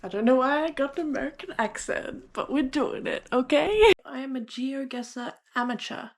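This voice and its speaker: Chatty woman with a gravelly voice. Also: high voice, lively intonation, normal speed. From Australia. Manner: chatty, thinking aloud, self-deprecating. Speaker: game streamer. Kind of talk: casual gameplay commentary.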